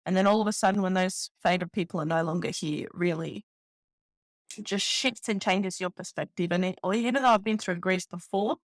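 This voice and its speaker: A woman's voice: fairly low pitch, a little fast, dry recording. A woman from the Balkans in her thirties, a podcast host speaking candidly and from the heart in a personal monologue, with lots of "you know". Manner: heartfelt, candid, many fillers.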